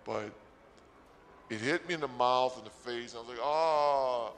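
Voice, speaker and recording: A man doing a rambling, absurd comic story on the radio, excitable at times. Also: mid-range voice, normal speed, long reverb tail, a little hiss or hum.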